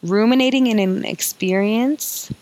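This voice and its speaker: A woman's voice: on the high side, unhurried, darkish tone, low-quality recording. A woman hosting a podcast as an emotional healing coach, talking in an earnest, confiding way and repeating phrases for emphasis.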